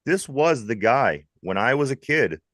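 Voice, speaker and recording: A man's voice: medium pitch, measured pace, dry recording. Chatty Pittsburgh man hosting sports talk. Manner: lively, jokey, laughs often. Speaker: host.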